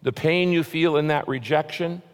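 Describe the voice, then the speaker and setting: A man preaching a sermon as a pastor, animated, rising to emphatic peaks and then dropping soft. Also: fairly high pitch, normal speed. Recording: long reverb of a large hall.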